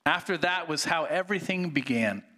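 A man reading aloud in a sermon, voicing a calm, gentle male heavenly spirit who answers with patient reassurance. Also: a little high, normal speed, big-room sound, pitched above the performer's own voice. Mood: serene. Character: serene bright heavenly spirit, gentle, calm, once a murderer.

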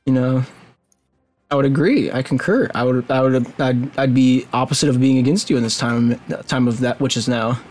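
A man's voice: medium pitch, moderate pace, darkish tone. A man hosting a podcast, narrating an improvised comedy story game in a rambling way, stumbling over restarts and laughing often.

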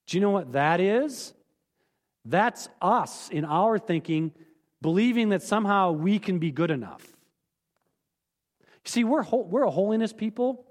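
A male pastor preaching a candid, emphatic sermon, dropping suddenly quiet for personal admissions, in a church. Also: high-pitched, animated, normal speed, long reverb tail. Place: church sanctuary.

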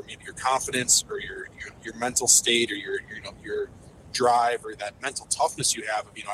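A man's voice: medium pitch, pushed and bright, slight background noise, low-quality recording. A man, a fishing guide, talking in a casual podcast interview, enthusiastic and rambling with lots of fillers and restarts.

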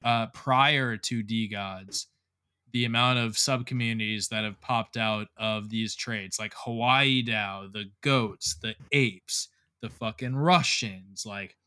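A man's voice: fairly low pitch, steady tone, takes it slowly, sharp tone, clean tone, dry recording, studio quality. A man co-hosting a podcast in casual chat, laid-back, laughing often and swearing freely. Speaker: podcast co-host.

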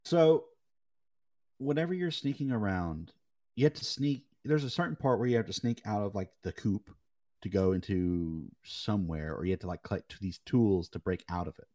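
Animated young man telling gaming stories. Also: fairly low pitch, moderate pace. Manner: animated storytelling, swearing. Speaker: podcast co-host. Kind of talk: casual gaming chat.

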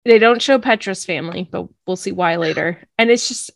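A young woman co-hosting a podcast, retelling an anime episode in casual chat, animated and laughing often. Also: fairly low pitch, brisk, dry recording, clean studio sound. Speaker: podcast co-host recapping an anime.

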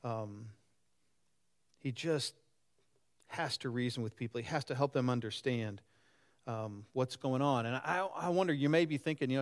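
A man's voice: mid-range voice, normal speed, long pauses. A pastor in his sixties gives a conversational sermon and often puts questions to the congregation. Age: 60s. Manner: lively and animated.

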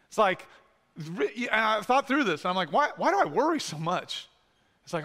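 A man's voice: sits high, very animated, moderate pace, bright, forceful tone, in a large hall. A man preaching a sermon, earnest and pleading, asking the congregation direct questions.

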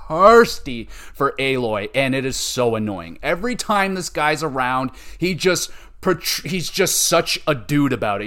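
A man hosting a gaming podcast, giving a casual, profane and animated review with mocking impressions. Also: medium pitch. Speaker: podcast host. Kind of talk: casual game review chat.

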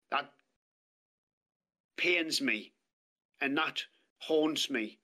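A man's voice: on the high side, bright, forceful tone. A British man telling his story as a podcast guest, plain-spoken and blunt, with heavy swearing. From Britain. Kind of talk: casual storytelling chat. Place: podcast studio.

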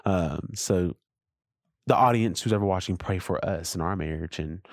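Deep voiced guy on a faith podcast, earnest and open, dry close mic. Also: moderate pace, no room sound. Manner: earnest, open about his feelings. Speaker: podcast co-host. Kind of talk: casual faith conversation.

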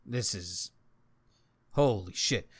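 Profane, animated man telling a story. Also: lowish voice, slow, husky, no room sound. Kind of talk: casual chat.

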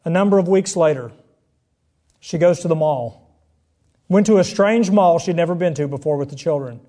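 A middle-aged man preaching a sermon, telling a personal story and acting out the voices in it, swinging between hushed and loud. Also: a little high, normal speed. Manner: dramatic storytelling, acts out quotes, swings between soft and loud.

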